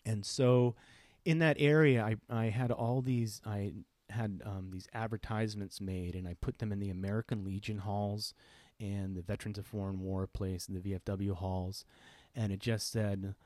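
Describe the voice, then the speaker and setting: A middle-aged man with a lowish voice tells a personal story on his podcast, earnest and reflective, often pausing and restarting mid-thought. He sounds close to a dry microphone with no room sound around him. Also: steady tone, darkish tone, dry recording. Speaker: podcast host.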